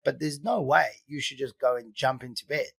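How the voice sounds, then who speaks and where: A man's voice: mid-range voice, normal speed, creaky, fairly bright tone, husky, no room sound. A man hosting a podcast, chatting casually and asking probing questions with frequent fillers. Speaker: podcast host. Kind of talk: casual interview chat.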